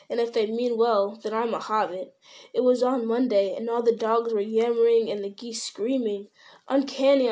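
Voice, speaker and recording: A woman's voice: on the high side, a little mellow, lightly acted. A woman reading the part of a nervous, talkative male innkeeper in a storybook reading, in a rambling, fretful manner.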